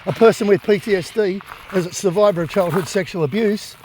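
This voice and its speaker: An Australian animal rights activist films himself on a handheld phone camera, delivering an impassioned, defiant monologue and confrontation. His high, darkish voice is brisk, and he raises it to make his points over slight background noise.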